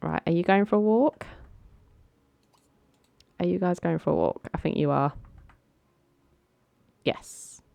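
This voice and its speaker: A woman's voice: lowish voice, takes it slowly, gravelly, pauses often, mellow, no echo. A young woman casually commenting on a life-simulation game, chatty and coaxing her characters along. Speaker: gaming channel host.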